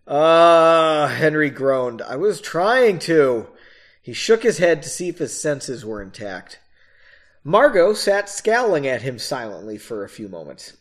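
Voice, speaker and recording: A man's voice: medium pitch, very animated, moderate pace. A man reading a story aloud and breaking off for casual, self-mocking asides. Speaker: reader of his own novel.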